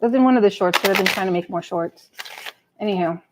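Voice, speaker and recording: A woman's voice: mid-range voice, quick pace, a little hiss or hum, poor audio. A woman doing a live tarot reading, chatting casually, muttering to herself and swearing freely as she pulls cards. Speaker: tarot reader. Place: home table with a cat nearby.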